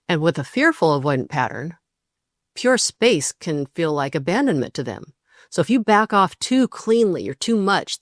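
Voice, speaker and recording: A woman hosting a relationship podcast, talking through ideas in a calm, measured monologue and briefly voicing quoted partners. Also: lowish voice, no echo, clean studio sound.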